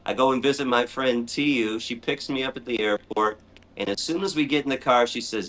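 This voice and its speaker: A middle-aged man telling a story in conversation, animated and excitable. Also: mid-range voice, fairly quick. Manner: animated, excitable storyteller who acts out his own shrieks. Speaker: animal rights speaker, guest.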